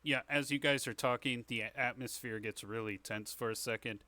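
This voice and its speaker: A man narrating as game master of a tabletop game, descriptive and measured with fillers. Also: medium pitch, fairly even intonation, pushed and bright, no echo.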